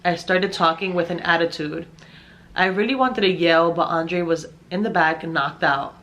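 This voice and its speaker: Low-voiced young woman telling a heated story. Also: steady tone, moderate pace, a bit bright. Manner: profane, exasperated, acts out dialogue. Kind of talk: storytime narration.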